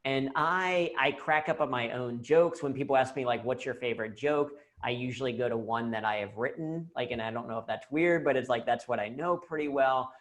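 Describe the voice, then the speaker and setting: Animated American man talking shop. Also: medium pitch, brisk, hardly any pauses. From United States. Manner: animated, jokey, self-deprecating. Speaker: humor and leadership speaker. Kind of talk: conversational talk and Q&A on a video call. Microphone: video call.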